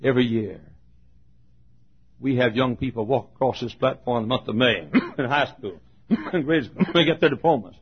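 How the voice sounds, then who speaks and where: Husky older preacher, fervent sermon. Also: male voice, normal speed, pauses often. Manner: fervent preaching, swings from shouts to low asides. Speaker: pastor. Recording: dull lo-fi sermon recording.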